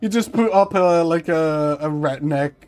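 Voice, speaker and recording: A man's voice: fairly high pitch, unhurried, a little mellow, soft background music. A man chatting on a stream, hesitant and full of fillers, laughing often. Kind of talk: casual chat on stream.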